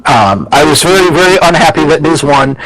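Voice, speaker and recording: Guy cohosting a chill podcast, kinda high voice, opinionated, rambly, swears a lot. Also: lively intonation, fairly quick, a bit bright, low-quality recording. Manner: rambling, opinionated, swears freely, lots of ums and restarts. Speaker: podcast co-host. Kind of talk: casual wrestling podcast chat.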